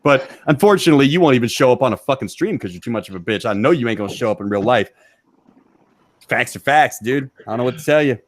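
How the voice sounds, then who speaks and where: A man hosting a stream from a back room of his house, ranting loudly and mockingly with heavy profanity. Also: mid-range voice, expressive, no room sound. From Texas. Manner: loud, mocking, rapid rant. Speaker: stream host.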